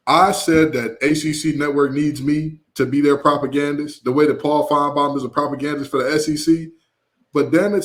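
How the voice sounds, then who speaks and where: A man co-hosting a sports podcast, talking in an animated, emphatic way with playful asides. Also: fairly high pitch. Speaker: podcast co-host. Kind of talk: casual sports chat.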